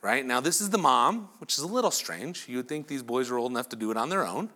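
A male pastor giving a lively sermon who acts out imagined dialogue between the people in his story. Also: medium pitch, quick pace. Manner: animated preaching, acting out imagined dialogue.

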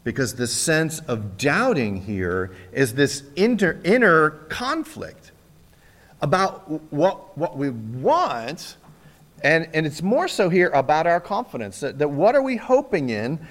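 Male pastor, mid-high voice, very expressive sermon delivery. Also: measured pace. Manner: animated storytelling, acts out frightened voices.

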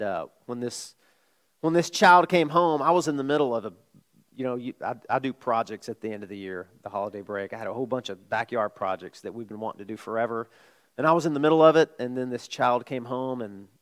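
A middle-aged man preaching a sermon, telling a personal story in a conversational way, jumping from loud asides to hushed admissions. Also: medium pitch. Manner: conversational, with restarts and sudden swings from loud to hushed. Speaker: pastor.

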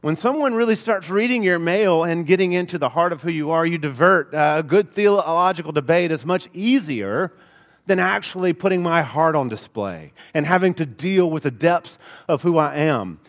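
A man's voice: on the high side, animated, normal speed, in a large hall. A man with an Alabama accent preaching a sermon in church, earnest and full of rhetorical questions, with folksy asides. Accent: Alabama Southern. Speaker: pastor. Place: church sanctuary.

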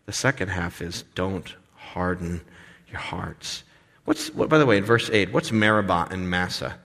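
A man preaching a sermon as pastor, animated and expressive, sometimes acting out the voices of complaining people. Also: on the low side, a little fast. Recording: long reverb of a hall.

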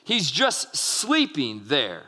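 Male pastor, earnest sermon delivery, high and bright, long hall reverb. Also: wildly swooping pitch, very slow. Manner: earnest, with frequent restarts and quoted dialogue.

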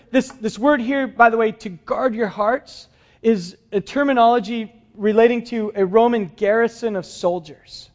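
A pastor preaching a sermon to his congregation, moving between soft, quiet lines and emphatic, raised passages. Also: high-pitched, lo-fi sound. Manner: dramatic shifts between soft and emphatic delivery.

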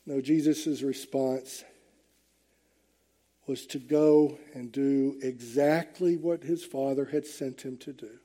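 Slow, mellow-voiced male preacher. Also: medium pitch, fairly even intonation. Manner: emphatic, rising and falling with the message. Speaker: pastor. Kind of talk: sermon.

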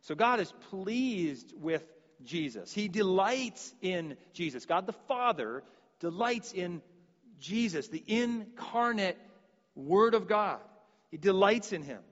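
Guy preaching in a church hall, high voice, earnest, repeats himself a lot, long echo, dull sound. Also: animated, slow. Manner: earnest, repeats words and restarts. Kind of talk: sermon.

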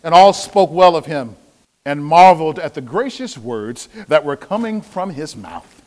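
A man's voice: on the high side, expressive, measured pace. A man preaching a sermon as pastor, acting out quotes and repeating phrases for emphasis. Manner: preaching with dramatic voiced quotes and repetitions.

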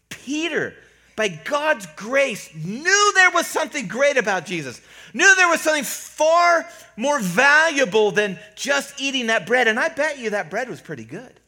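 Lively, bright-voiced male pastor. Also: very high-pitched, unhurried. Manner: animated storytelling, acting out voices of biblical figures; conversational and humorous. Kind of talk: sermon.

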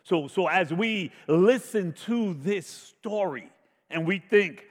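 Preacher guy, slow and dramatic, booms then goes quiet, big echoey church hall. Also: expressive. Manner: slow, emphatic preaching with dramatic swells and hushed drops. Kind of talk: sermon. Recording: long reverb of a large hall.

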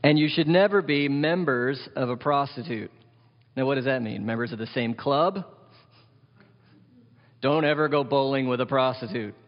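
Animated pastor preaching in an echoing hall. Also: male voice, mid-range voice, moderate pace, long pauses, highs cut off. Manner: animated, asks the congregation questions, wry jokes. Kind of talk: sermon. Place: church hall.

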